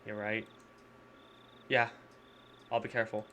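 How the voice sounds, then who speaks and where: A man's voice: lowish voice, flat delivery, measured pace, a bit bright, dull audio, a little hiss or hum. A man reading as a cautious teenage boy. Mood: wary. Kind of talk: reading a visual novel aloud.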